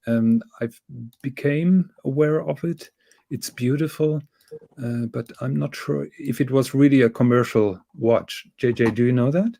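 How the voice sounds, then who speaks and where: A man's voice: medium pitch, unhurried, gravelly, dark tone. A man explaining things carefully and patiently on a livestream, with some fillers. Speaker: guest on a watch livestream. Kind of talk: casual livestream chat.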